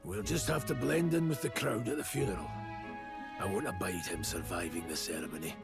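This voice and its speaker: Gravelly, grim mercenary leader. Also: male voice, low-pitched. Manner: grave, deliberate, menacing. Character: stern grizzled male mercenary leader, ruthless. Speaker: game character. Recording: game audio with music.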